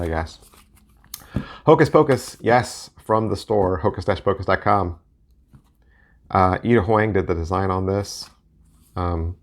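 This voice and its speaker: A man who collects and reviews decks talks casually as he looks through his playing cards, thinking aloud and rambling. His voice sits low and has a creaky quality.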